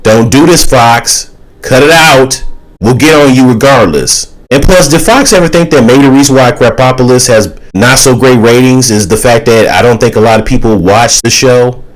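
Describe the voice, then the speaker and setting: A man's voice: mid-range voice, normal speed, rough recording. A man giving a casual, exasperated opinion rant as a YouTuber. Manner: exasperated, ranting.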